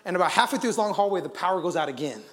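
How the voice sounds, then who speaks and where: Guest preacher, male, high-pitched, lively storyteller who acts out quotes, church hall with long reverb. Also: racing. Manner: animated storyteller, acts out quotes, frequent fillers. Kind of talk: sermon with storytelling. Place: church auditorium.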